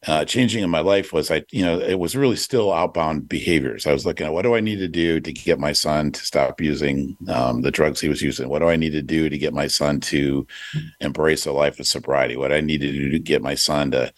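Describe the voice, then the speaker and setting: A middle-aged man hosting a talk show, telling a personal story in an earnest, reflective way, pausing with fillers and restarting his sentences. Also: very deep voice, no room sound. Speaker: podcast host.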